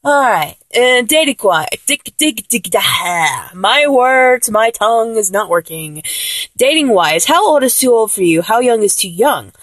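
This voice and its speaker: A woman's voice: fairly high pitch, big pitch swings, measured pace, fairly bright tone, dry recording. A 24-year-old woman with a mature-sounding voice chats casually, rambling and joking as she answers a questionnaire. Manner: rambling, giggly, jokey. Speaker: solo vlogger answering a questionnaire. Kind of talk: casual chat.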